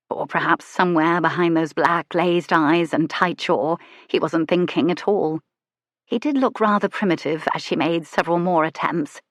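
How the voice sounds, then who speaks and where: A woman reads a historical romance audiobook in a soft, measured, intimate voice. Her voice sits fairly low and is recorded close and dry, with no room sound. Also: no echo. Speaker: audiobook narrator. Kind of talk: scripted romance narration.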